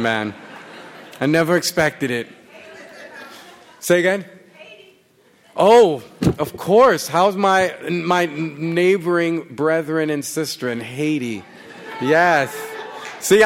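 A man's voice: a little high, animated, slow, a little hiss or hum. A man joking profanely with a live audience before reading his work on stage. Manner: profane, joking, crowd-teasing. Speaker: author giving a reading. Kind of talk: casual banter before a reading.

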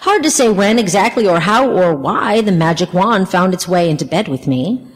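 A woman author reading from her memoir to an audience, wry and expressive. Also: mid-range voice, normal speed, long reverb tail, slight background noise, low-quality recording. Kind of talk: literary reading.

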